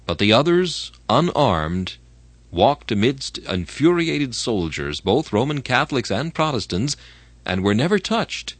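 A man giving a measured, expressive audiobook reading of an old religious text. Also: lowish voice, dry recording. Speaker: reader.

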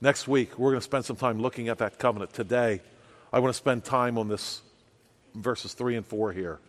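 A man preaching a sermon with passion, swinging from loud outbursts to hushed asides. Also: medium pitch, fairly even intonation, moderate pace. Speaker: pastor. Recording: long reverb of a church hall.

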